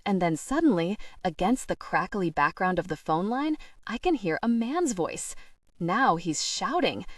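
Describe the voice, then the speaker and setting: A woman reading a first-person novel aloud as an audiobook narrator, expressive and rising into breathless worry. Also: medium pitch, unhurried, dry recording, studio quality, far from the mic.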